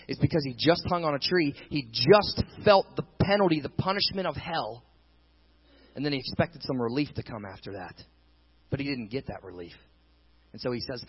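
A man preaching a sermon with dramatic swings between loud intensity and quiet emphasis. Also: mid-range voice, animated, a little fast, slightly rough, lo-fi sound. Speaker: pastor.

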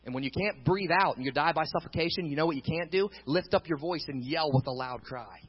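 A man preaching a sermon with dramatic swings between loud intensity and quiet emphasis. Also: a little high, fairly quick, breathy edge, dull audio. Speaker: pastor.

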